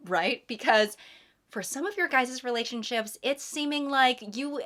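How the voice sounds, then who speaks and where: A woman's voice: fairly high pitch, fairly bright tone. A young woman giving comedic commentary as a YouTuber, with a wry, sarcastic delivery and dramatic asides.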